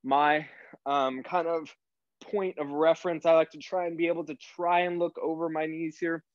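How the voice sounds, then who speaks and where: A man's voice: a little high, flat delivery, normal speed, no room sound. Upbeat male fitness coach, dry dull audio. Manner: upbeat coaching cues, encouraging. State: slightly out of breath. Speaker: fitness instructor. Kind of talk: live online workout class.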